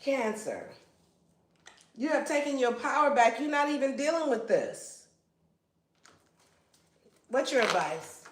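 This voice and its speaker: A woman's voice: high voice, animated, slow, pauses often. A woman giving a casual tarot reading in a blunt, slangy way and swearing freely. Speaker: tarot reader. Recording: echoey room.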